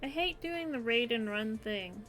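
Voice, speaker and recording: A woman's voice: fairly high pitch, expressive, unhurried, fairly bright tone, faint music behind. A woman streamer chatting casually with her viewers while crocheting, giggling often and yawning near the end of her stream.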